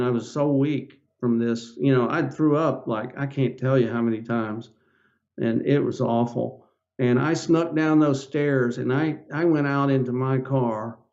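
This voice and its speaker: On a lo-fi recording, an older man with a mellow, mid-range voice tells his story as a podcast guest in a storytelling interview. He's earnest and folksy, acting out the dialogue as he goes.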